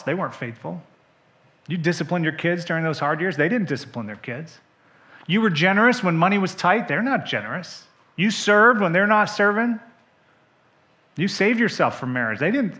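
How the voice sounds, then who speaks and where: A male pastor preaching a sermon, telling the story with animation and asking the congregation direct questions. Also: high-pitched. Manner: animated storytelling, acting out the characters' quoted lines.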